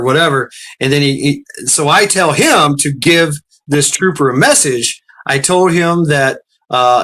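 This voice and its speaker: A middle-aged man telling a long, profane story in casual chat, stumbling over restarts and acting out quotes in a raised, shouting voice. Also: mid-range voice. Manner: profane, rambling, frequent restarts.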